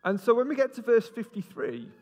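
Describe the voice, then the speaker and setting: A man's voice: very high voice, brisk. A man preaching an interactive sermon, joking with volunteers and directing them around the stage. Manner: lively, jokey, directing people on stage. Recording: long reverb in a large hall.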